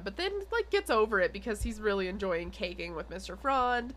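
A woman's voice: mid-range voice, expressive, moderate pace, bright, forceful tone. A young adult woman co-hosting a podcast, recapping an episode in casual chat with lots of fillers and giggles. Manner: rambling with many fillers and giggles. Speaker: podcast co-host.

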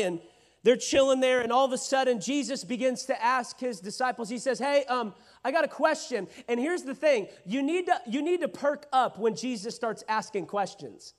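A man with a notably high voice preaches a sermon to his congregation. He builds from quiet, questioning passages up to loud, shouted declarations. He often slips into the voices of the people in the scripture he retells. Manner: acts out Bible characters' lines in quoted voices. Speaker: pastor.

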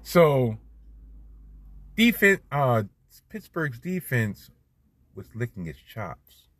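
Middle-aged new guy ranting about football, husky, swings all over in pitch. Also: drawn-out words, no room sound. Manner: animated, swears freely, swings loud. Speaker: podcast host. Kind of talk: solo sports commentary podcast.

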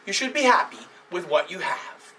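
An animated male storyteller spins fables for children, quizzing the crowd and barking like a dog. His voice sits very high and bright, and it is picked up from a distance. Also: normal speed. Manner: animated, playful, with sound effects and audience questions.

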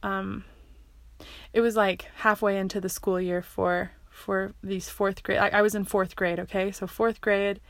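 A woman tells a personal story in a loose, chatty way, circling back and correcting herself as she goes. Her voice sits at an ordinary middle pitch. The sound is close and dry, with no room echo. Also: flat delivery, measured pace. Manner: rambling, full of likes and restarts.

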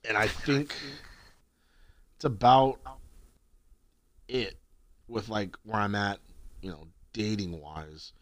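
A young man co-hosting a podcast, swearing and retelling text exchanges with jumpy pitch. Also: takes it slowly, long pauses, dry recording. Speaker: podcast co-host. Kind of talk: crude casual chat.

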